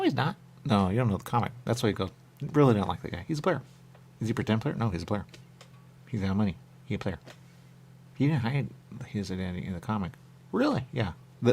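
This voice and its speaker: A man's voice: fairly low pitch, creaky, a little mellow, slight background noise. A man rambling and joking in loose banter as a radio show host, repeating catchphrases. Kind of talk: loose banter among co-hosts.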